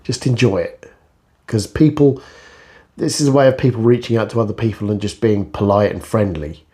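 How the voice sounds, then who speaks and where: A man's voice: lowish voice, moderate pace, mellow. Blunt, swearing man ranting. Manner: blunt, profane and sarcastic. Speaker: vlogger. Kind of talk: casual ranting monologue.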